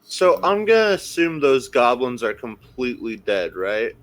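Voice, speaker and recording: A man playing in a tabletop game, hesitant and slow to suggest plans. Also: medium pitch, sing-song. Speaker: player.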